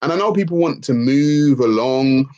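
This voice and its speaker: A man's voice: medium pitch, normal speed, darkish tone, muffled recording. A man hosting a livestream Q&A, ranting emphatically and swearing freely as he answers the chat. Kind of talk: livestream Q&A rant.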